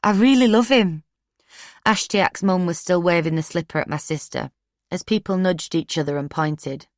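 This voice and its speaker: Brief: woman, low voice, steady first-person audiobook read, dry close mic. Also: moderate pace, no room sound. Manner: steady, plain-spoken storytelling. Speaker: audiobook narrator. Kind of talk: first-person true crime audiobook narration.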